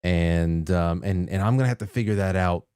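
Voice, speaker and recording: A man's voice: sits low, normal speed, darkish tone, clean tone, no echo, studio quality. Rambling male call-in show host. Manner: rambling, with frequent restarts and chuckles. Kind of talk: casual call-in talk show.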